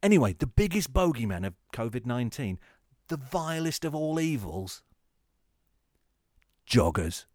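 Sardonic deadpan man, lively pitch. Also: normal speed, few pauses, dry recording, studio quality. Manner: deadpan sarcastic, mock-grand delivery. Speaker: host of a comedy radio show. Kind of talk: sardonic comic radio monologue.

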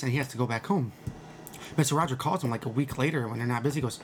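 Guy rattling off a movie story super fast, goofy quote voices, bit of hiss behind. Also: medium pitch. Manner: rambling, laughing storyteller, acts out quotes. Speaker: podcast co-host telling about a movie. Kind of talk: casual podcast chat. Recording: faint background noise.

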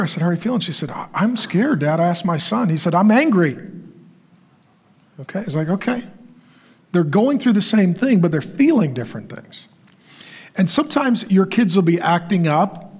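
A man's voice: sits high, a little mellow. A middle-aged man preaching a sermon as pastor, conversational, with joking asides to the crowd.

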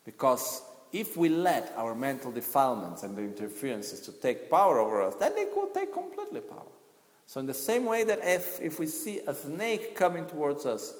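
A man giving a Buddhist teaching in a conversational way, with frequent asides and acted-out quotes. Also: mid-range voice. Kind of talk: commentary teaching on a Buddhist text. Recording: echoey room with long reverb.

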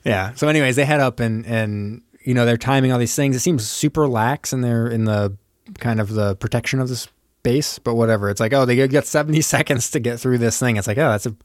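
A man's voice: mid-range voice, fairly quick, no room sound, clean studio sound. Man animatedly recapping a movie. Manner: animated retelling, acting out characters' lines. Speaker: podcast co-host. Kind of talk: casual movie recap chat.

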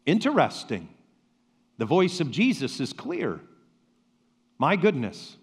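A pastor delivers a sermon in a fairly high, lively voice that climbs and drops with emphasis. He pauses slowly and leans on rhetorical questions. The sound rings with the long reverb of a large hall. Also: husky.

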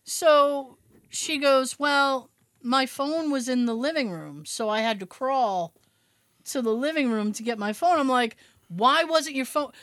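A woman's voice: sits high, unhurried, a bit bright, no echo. A woman co-hosting a podcast, telling a family story in casual chat, swearing now and then and laughing as she goes. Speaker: podcast co-host.

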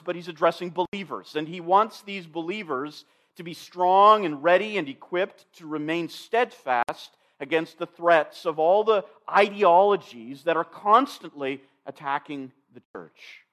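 A man delivers an expository sermon in a fairly high-pitched voice. He speaks straight to his listeners, calling them saints and believers. He repeats key phrases again and again to press them home. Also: a bit bright. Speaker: pastor.

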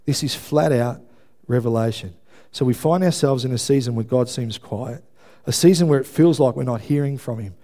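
A man's voice: mid-range voice, moderate pace. A man, a pastor preaching a sermon to a congregation, emphatic and often checking in with listeners. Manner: emphatic, building to loud preaching, asks the congregation for responses. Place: church before a congregation.

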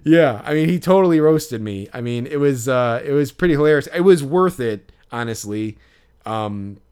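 Smooth-voiced man rambling through a story. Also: medium pitch, animated, moderate pace, darkish tone. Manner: rambling storytelling full of fillers and restarts. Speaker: podcast host. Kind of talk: casual podcast chat.

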